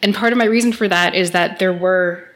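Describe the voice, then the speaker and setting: A woman's voice: fairly low pitch, fairly quick, a bit bright. A woman co-hosting a casual podcast chat, playful and talkative.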